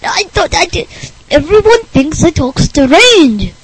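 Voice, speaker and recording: A male speaker voicing a nerdy, clingy boy who insists he talks normally, high and strained. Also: sing-song, slow, fairly bright tone, full character voice, rough recording. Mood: defensive.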